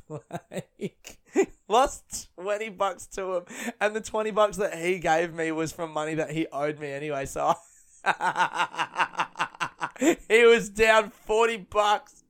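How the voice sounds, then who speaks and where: A man's voice: on the high side, fairly bright tone, smooth. A young man, a comedian, chatting casually on his podcast, rambling and laughing a lot and swearing freely. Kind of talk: casual chat.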